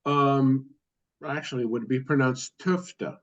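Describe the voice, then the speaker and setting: A man reading a text aloud in a study session, steady with occasional stumbles and self-corrections. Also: medium pitch, measured pace. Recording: dull lo-fi audio.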